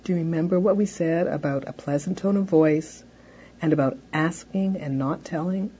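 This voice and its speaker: A woman's voice: low-pitched, moderate pace, dark tone, dull audio, slight background noise. A woman lecturing on parenting, explaining steps in a conversational way and often saying "you know". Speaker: parenting educator. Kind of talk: recorded lecture.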